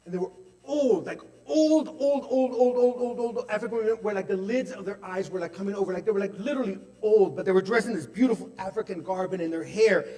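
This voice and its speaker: Brief: male preacher, higher-pitched voice, animated testimony full of "like" and "right?", long reverb hall. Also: quick pace. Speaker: speaker at a spiritual center service. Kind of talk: testimonial sermon. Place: large hall at a spiritual center.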